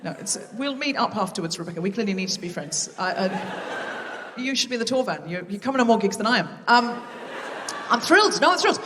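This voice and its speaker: A woman's voice: mid-range voice, sing-song, fairly quick, big-room sound, recorded from a distance, background noise. A woman hosting a live comedy podcast on a theatre stage, chatty and self-mocking as she banters with the audience. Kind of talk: live stand-up hosting with crowd work. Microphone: stage microphone.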